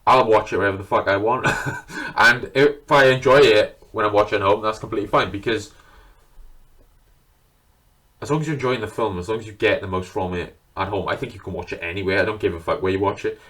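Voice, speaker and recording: A man's voice: lowish voice, fast, hardly any pauses, fairly bright tone. A man chatting casually and enthusiastically to camera, swearing freely as he talks. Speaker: video creator showing his film collection. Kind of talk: casual unscripted chat to camera.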